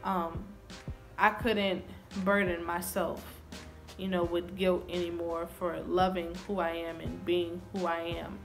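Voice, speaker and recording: A woman's voice: on the low side, little pitch movement, slow, vocal fry, soft background music. A young woman vlogger telling a personal story to camera in an earnest, confessional way.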